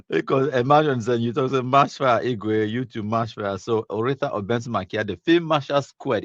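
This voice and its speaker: A man's voice: lowish voice, no room sound, lo-fi sound. A man with a Cameroonian accent hosting a live stream, casually reading viewer comments aloud, mixing in Pidgin and laughing often.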